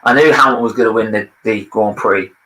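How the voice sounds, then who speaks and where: Young host, bright and punchy voice, excitable sweary banter. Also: male voice, on the low side, fast talker, roomy sound, poor audio. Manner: sweary, excitable, laughs often. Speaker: watchalong host. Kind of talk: casual football banter.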